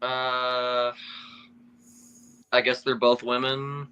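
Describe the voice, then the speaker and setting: A man's voice: medium pitch, completely flat delivery, very slow, sharp tone, clean tone, highs cut off. A man co-hosting a podcast, joking and a little hesitant as he picks his parts. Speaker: podcast co-host. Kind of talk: casual banter.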